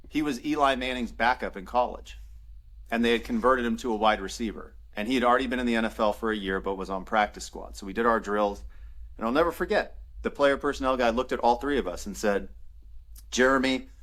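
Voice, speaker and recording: A man in his thirties, a former football player and podcast guest, telling stories casually with lots of laughter and acted-out dialogue. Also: mid-range voice. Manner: animated storyteller, acts out quoted dialogue, laughs often. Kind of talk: casual storytelling interview.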